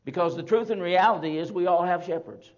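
A man's voice: sits high, a little mellow. Emphatic preacher man, lo-fi sound. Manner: emphatic, repetitive preaching with slow stresses. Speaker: pastor. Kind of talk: sermon. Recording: dull lo-fi sound.

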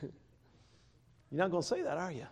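A man preaching a sermon, a former pastor, who swings from loud to quiet and laughs between points. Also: high voice, wildly swooping pitch, normal speed, vocal fry, slightly rough.

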